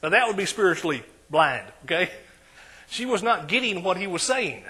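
Preaching a church sermon in an East Texas accent, this man calls out for amens and shifts between quiet asides and loud emphasis. His voice is high and husky, very animated, at a normal speed.

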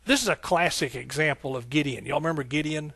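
Here a pastor with a slightly high, creaky voice and a breathy edge preaches at a quick pace. His sermon is fervent and rhythmic, full of repeated phrases and hallelujahs, delivered folksily to the flock. The sound is dry and close, with no echo.

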